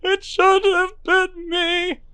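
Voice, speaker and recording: A man's voice: extremely high pitch, expressive, slow pace, no room sound, pitched above the performer's own voice, exaggerated voice. A man voicing a grief-stricken middle-aged man who wails and sobs in despair in a narrative horror board game. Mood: despairing shouts. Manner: wailing, anguished, breaking into shouts.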